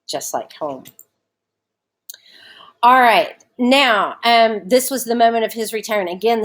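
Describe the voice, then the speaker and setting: Casual woman teacher explaining a story. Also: lowish voice. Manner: casual, chatty explaining with fillers. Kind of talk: recorded online lesson.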